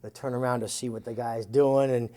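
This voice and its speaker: A man of middle pitch tells a long anecdote in an interview. His storytelling is animated, and he jumps into quoted lines with shifts in voice. He chuckles as the story unfolds. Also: fairly quick. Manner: chuckles while telling the story. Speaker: interview guest telling an anecdote.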